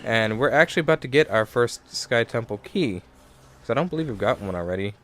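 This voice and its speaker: A man's voice: medium pitch, expressive, fairly quick, a bit bright. A young man giving casual let's play commentary into a desk microphone, rambling and correcting himself as he thinks aloud.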